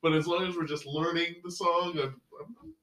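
A playful man co-hosting a chat show, cracking jokes and sometimes fumbling for a word. His voice is bright and a little high. The room around him is echoey. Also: fairly even intonation, normal speed, a little hiss or hum. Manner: playful, jokey, stumbles over words. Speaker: podcast co-host. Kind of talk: casual chat.

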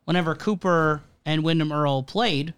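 A man's voice: fairly high pitch, moderate pace, fairly bright tone, clean tone. A man co-hosting a casual chat, analytical and wry, with a self-deprecating streak. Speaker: podcast co-host.

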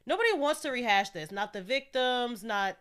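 A woman's voice: fairly high pitch, lively intonation, moderate pace, fairly bright tone, smooth. A young woman hosting her own podcast in a casual, candid solo chat, talking freely and laughing often. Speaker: podcast host.

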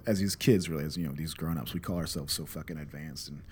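A man's voice: a bass voice, fast, darkish tone, slightly rough. A man in his thirties, a father and podcast host, telling a casual story in a candid, swearing, self-deprecating way that turns reflective.

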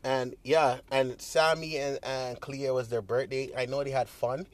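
A man's voice: mid-range voice, fairly even intonation, a little slow. A young man talks straight into his own podcast with no script. He rambles, swears freely and restarts his sentences, filling the gaps with "you know what I'm saying". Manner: rambling, profane, full of fillers and restarts. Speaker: podcast host. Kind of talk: casual solo podcast monologue.

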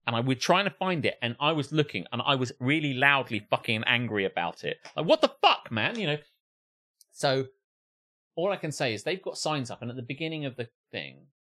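Sweary, animated podcast host. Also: male voice, medium pitch. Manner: sweary, animated ranting with acted-out impressions. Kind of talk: casual chat.

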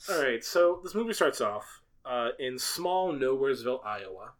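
A man co-hosting a casual movie review podcast, jokey and excitable, rambling through award lists. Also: medium pitch, moderate pace. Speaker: podcast co-host.

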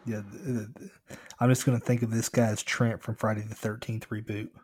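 A man reading a first-person horror story aloud in a steady, earnest way, with joking asides. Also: lowish voice, a little fast, breathy edge, dry recording. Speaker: storyteller and co-host.

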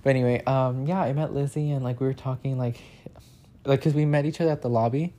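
A young man chatting casually in a vlog, telling a story with lots of filler words and acting out quotes in a higher voice. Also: steady tone, quick pace, dark tone. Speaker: vlogger.

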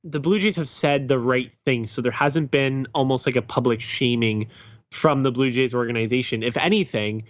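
A man's voice: mid-range voice, moderate pace, dry recording. A man co-hosting a casual sports podcast, rambling and hesitant, with many fillers and restarts. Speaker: podcast co-host. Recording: dull lo-fi sound.

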